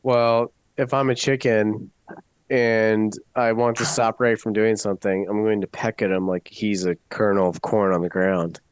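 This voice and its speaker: A man's voice: on the low side, flat delivery, normal speed, clear, resonant tone, no room sound. A man playing in a tabletop game, joking and laughing casually. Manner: goofy, laughing. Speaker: player.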